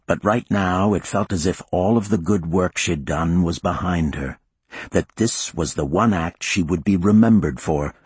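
Deep husky male audiobook narrator. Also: darkish tone, no echo. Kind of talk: scripted thriller narration.

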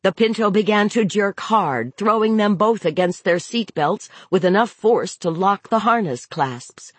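A woman's voice: mid-range voice, expressive, measured pace, breathy edge, no room sound. A woman narrating a novel aloud in a dramatic, varied delivery. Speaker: audiobook narrator.

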